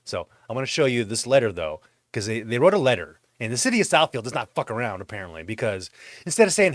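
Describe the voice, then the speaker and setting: A man hosting his own vlog, telling a comedic monologue at home in a profane, exasperated rant with animated swings in his delivery. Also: medium pitch, quick pace, no echo, studio quality. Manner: profane ranting. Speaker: vlog host.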